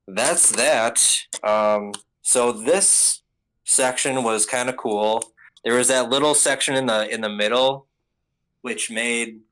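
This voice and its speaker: A man's voice: mid-range voice, fairly bright tone, rough recording. A man giving a casual, rambling spoken recap of anime episodes, full of ums and restarts.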